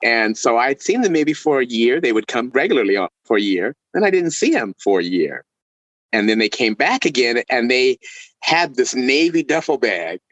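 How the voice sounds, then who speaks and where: A middle-aged violinist from El Paso, Texas, tells stories as a guest in a casual interview, laughing and delivering them with animation. His voice is mid-range and his pace moderate, on a low-quality recording with no room sound.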